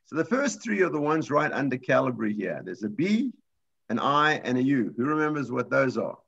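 A man teaching a live computer class, explaining each step patiently and often starting his sentences over. His voice is gravelly and a little husky, at an ordinary pitch. The sound is dull and lo-fi, like audio from an online class. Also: sing-song, moderate pace, fairly bright tone.

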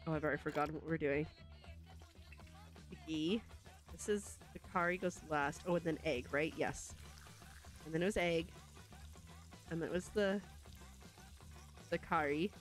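A woman narrating her gameplay in a chatty, excitable way, laughing often. Her voice sits on the low side. Faint game music plays beneath her talk. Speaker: let's play host. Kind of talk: gameplay commentary.

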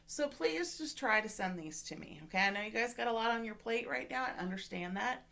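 A woman's voice: a little high, creaky, sharp tone. A woman teacher giving a remote reading lesson to children, patient and encouraging, often checking in with "okay?".

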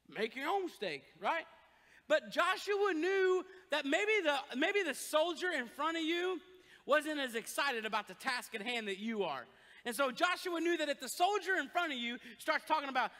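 High bright-voiced pastor preaching, jokey and animated, big church reverb. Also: male voice, normal speed. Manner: animated, joking storyteller. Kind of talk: sermon. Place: church sanctuary. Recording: long church hall reverb.

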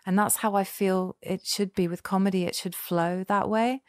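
A woman guest performer chatting casually in an interview, animated and playful. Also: medium pitch, normal speed, no room sound, studio quality. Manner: animated, playful, breaks into character voices.

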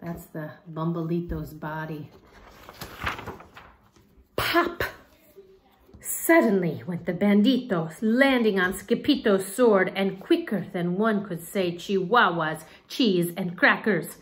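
A teacher reading a picture book aloud at home, expressive, stopping to explain words. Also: female voice, fairly low pitch, slow.

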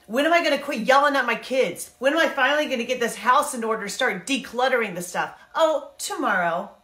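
Lively high-voiced woman teaching scripture. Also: echoey room. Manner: animated, chatty, acts out characters in quick asides. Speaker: Bible teacher and life coach. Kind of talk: casual Bible teaching to camera.

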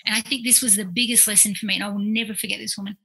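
A woman's voice: mid-range voice, racing, creaky, slightly rough, rough recording. An Australian woman in her forties, a clinical psychologist telling stories as a podcast guest, acting out the people she quotes. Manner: animated storyteller who acts out quoted voices. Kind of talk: podcast interview, anecdotal storytelling.

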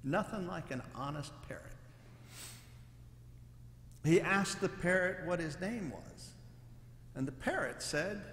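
A man's voice: a little high, slow, pauses often, echoey room, in a large hall. A man, a church pastor, telling jokes to his congregation and acting out the punchlines. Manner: animated storyteller, acting out the punchlines. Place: church sanctuary.

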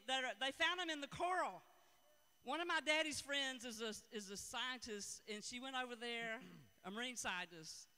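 A woman preaching with bright, cutting energy, her voice ringing out through a church sanctuary with a long, lingering echo. She rambles, corrects herself mid-thought, and whoops with excitement. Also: high voice. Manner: exuberant, bursts into whoops of excitement; rambling, self-correcting delivery. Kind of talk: sermon and spoken prayer.

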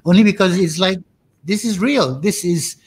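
A man hosting an online video interview, talking in a hesitant, halting way full of fillers. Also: sits high, darkish tone, slightly rough. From Malaysia. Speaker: host.

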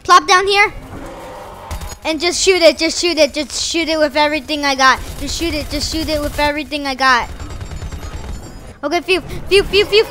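A woman giving excitable live commentary over her own gameplay, chanting sound effects and repeating phrases as she plays. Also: high voice, moderate pace, long pauses, slight background noise. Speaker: gaming video host.

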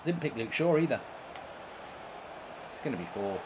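A man's voice: medium pitch, sing-song, normal speed, noisy background. A man streaming a football game, ranting and swearing about his play and reading chat messages aloud. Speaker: gaming streamer. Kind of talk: live gameplay commentary reading chat.

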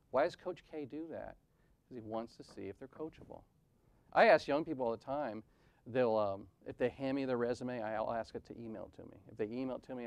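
Animated man telling personal stories. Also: mid-range voice, vocal fry. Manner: animated, rhetorical questions, swings from loud to soft. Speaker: conference speaker. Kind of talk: personal storytelling talk.

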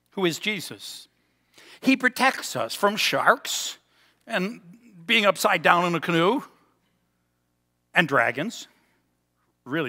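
Bright-voiced pastor man preaching in a reverberant sanctuary. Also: fairly high pitch. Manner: storytelling, slows for emphasis. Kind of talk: sermon. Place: church sanctuary. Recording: long hall reverb.

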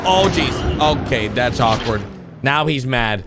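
A man hosting a reaction video, commenting on animations with loud exclamations and quick drops into low, muttered asides. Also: background noise.

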